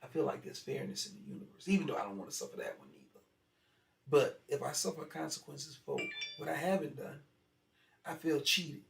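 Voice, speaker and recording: Gravelly man telling a story from afar. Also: fairly high pitch, fairly quick, a little hiss or hum. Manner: animated storytelling, loud and rising when retelling anger. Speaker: interview guest. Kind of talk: casual storytelling interview. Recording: echoey room, far from mic, faint ambience.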